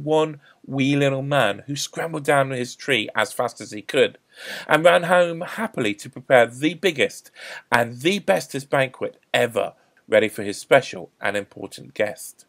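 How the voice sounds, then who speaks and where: A man's voice: mid-range voice, vocal fry. A man telling a Bible story to children at a school assembly, theatrical with repeated refrains. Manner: animated, repetitive refrains, theatrical pauses.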